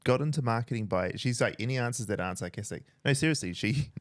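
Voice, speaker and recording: A man's voice: medium pitch, animated, quick pace, dry recording, clean studio sound. A man hosting a casual podcast, laid-back and sarcastic, swearing now and then. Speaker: podcast host, business owner. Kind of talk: casual chat.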